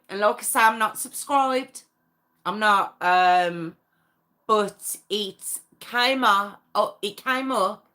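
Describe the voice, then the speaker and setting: A woman's voice: mid-range voice, bright, forceful tone. A woman hosting a true crime livestream, chatting casually with viewers, answering their comments and laughing often. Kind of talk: casual live chat with viewers.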